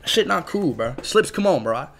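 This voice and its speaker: A young man streaming live, reacting loudly and excitably, swearing a lot and bursting into shouts. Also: a little high, moderate pace, vocal fry.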